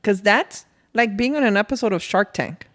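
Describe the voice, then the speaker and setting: A woman co-hosting a podcast, chatting casually and acting out quotes in animated, playful storytelling. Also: medium pitch, moderate pace. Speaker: podcast co-host. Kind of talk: casual chat.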